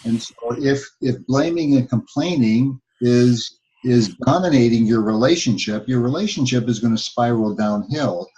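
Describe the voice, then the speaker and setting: A man at an ordinary middle pitch explains relationship ideas in a measured way, pausing on little fillers as he goes. He speaks as a couples therapist in a relaxed advice chat. The recording sounds a bit dull and lo-fi.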